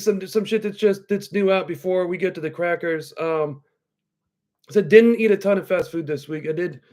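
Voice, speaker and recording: Profane, rambling middle-aged man. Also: high voice. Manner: drinking a cocktail while talking. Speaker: podcast host. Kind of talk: casual live-stream chat.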